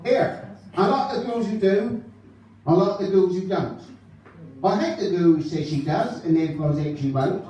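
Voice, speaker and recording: A cheeky old-time music-hall comic delivers his saucy patter, as a man impersonates him. The voice is high and mellow. It sounds distant in a very echoey hall. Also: expressive, moderate pace, lo-fi sound. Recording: echoey hall mic from far off.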